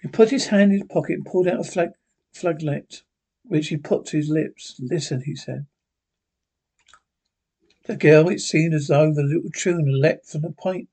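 Man, horror story reading, husky, fairly high voice, steady. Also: normal speed, long pauses. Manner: plain, steady storytelling with occasional slips. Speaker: narrator.

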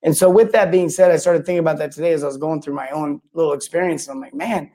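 A man's voice: on the high side, steady tone, fast, warm tone. A man hosting his own show, telling a rambling, worked-up story in casual monologue with many restarts. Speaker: podcast host. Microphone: own mic and camera.

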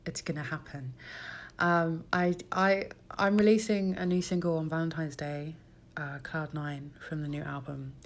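A woman's voice: low-pitched, fairly even intonation, normal speed, vocal fry. A woman musician talking casually to camera, rambling and self-mocking, often dropping to a whisper. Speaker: musician and creator. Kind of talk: casual personal vlog talk.

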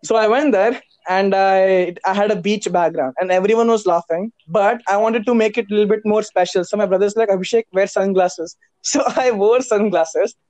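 A man's voice: high-pitched, moderate pace, hardly any pauses, a little mellow, no room sound. A teenage boy hosting a casual chat, giggling often and exclaiming a lot. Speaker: podcast host.

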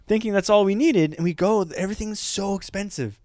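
A man, a podcast co-host, telling a travel story in a casual, profane, animated way, jumping his pitch when he quotes people. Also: a little fast.

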